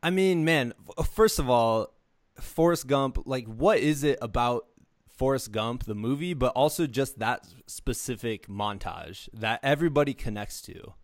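A man's voice: medium pitch, expressive, a little slow, no room sound, studio quality. A young man hosting an interview, talking casually and with enthusiasm, often saying "man" and "dude". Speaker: host, middle school teacher.

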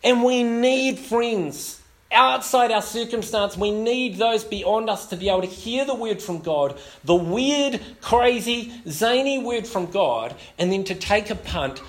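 A man's voice: sits high, expressive, measured pace. A man, a pastor preaching a sermon full of self-deprecating stories and many fillers. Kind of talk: sermon with humorous storytelling.

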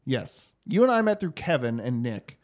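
A man in his thirties telling a story as podcast host, in an animated, casual way with quick asides and swearing. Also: medium pitch.

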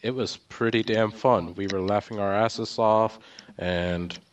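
A man co-hosting a casual group chat, relaxed and casually profane. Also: on the low side, measured pace, clean tone. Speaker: podcast co-host. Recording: dull lo-fi sound.

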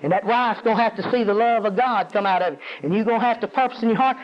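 A preacher with a very high voice, working a congregation with call-and-response and climbing to intense peaks. The recording sounds dull and lo-fi, with muffled highs. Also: male voice, quick pace, few pauses. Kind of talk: sermon. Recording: dull lo-fi audio.

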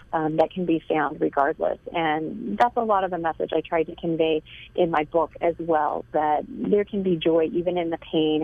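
A woman's voice: low-pitched, dry recording. A woman author being interviewed, telling heartfelt stories earnestly and laughing lightly now and then. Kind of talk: phone interview. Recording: tinny dry phone line.

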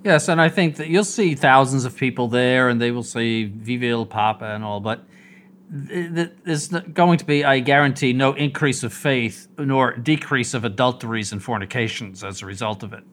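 Halting bishop on talk radio. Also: male voice, mid-range voice, a bit bright, a little hiss or hum. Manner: halting, many restarts, emphatic. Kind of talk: casual radio discussion.

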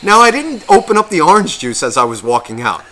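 Bright-voiced sick man telling a story. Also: fairly high pitch, sing-song, fairly quick. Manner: profane, self-mocking storyteller acting out quotes. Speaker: podcast co-host. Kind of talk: casual storytelling chat.

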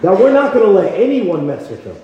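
A man's voice: high voice, very animated, brisk, dark tone. Passionate young man preaching in an echoey hall. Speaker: campus retreat speaker. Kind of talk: sermon with personal story. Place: large hall at a retreat. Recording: echoey hall, dull sound.

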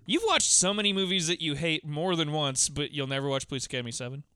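Cohost guy with a really bright sharp voice, kinda high, giggly, dry sound. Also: expressive, quick pace, smooth, dry recording. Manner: chatty, giggly, steers the talk. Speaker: podcast co-host. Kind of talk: casual comedic chat.

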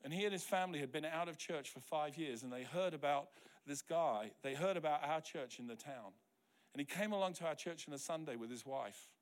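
A middle-aged man from New Zealand preaching a sermon as pastor, telling stories and acting out the quoted dialogue, sometimes dropping to a soft, quiet voice. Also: a little high, a little fast. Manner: drops to a soft, quiet voice for tender moments.

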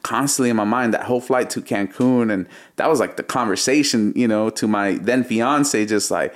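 Animated slangy man telling a story. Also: on the low side, moderate pace. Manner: animated storytelling, slangy, acts out his own quotes. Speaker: interview guest, music producer. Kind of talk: storytelling in casual interview.

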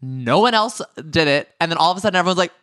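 A man's voice: on the high side, expressive, fast, a bit bright, no echo, clean studio sound. A man co-hosting a podcast, chatting casually and bluntly about reality-show gossip with a sassy edge. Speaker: podcast co-host.

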